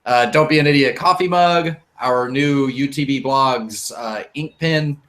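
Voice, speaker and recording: A man's voice: mid-range voice, unhurried, fairly bright tone. Joking man hosting a tech podcast. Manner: joking, rambling explanations. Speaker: podcast host. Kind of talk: casual chat.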